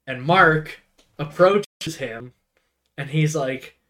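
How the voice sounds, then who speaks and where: A man's voice: a little high, very slow, sharp tone. A young man co-hosting a casual podcast, retelling a film scene by scene in a rambling way with lots of fillers and quoted lines. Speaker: podcast co-host. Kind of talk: casual movie recap chat.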